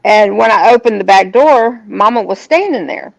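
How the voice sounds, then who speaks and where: A woman, a guest telling a personal story in an earnest, halting way, often restarting her sentences. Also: mid-range voice, expressive, gravelly. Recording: dull lo-fi sound.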